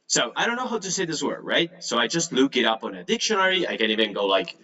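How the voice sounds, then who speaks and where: A man's voice: medium pitch, sing-song, fast talker, bright, forceful tone, highs cut off. Chatty man teaching. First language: Spanish. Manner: chatty, filler-heavy, laughs nervously. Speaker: English teacher. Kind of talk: casual online lesson. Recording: distant mic, degraded audio.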